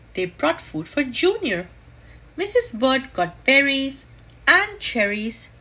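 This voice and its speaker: A woman reading a children's picture book aloud at storytime, in a slow and expressive way. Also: high voice, breathy edge. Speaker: storytime reader.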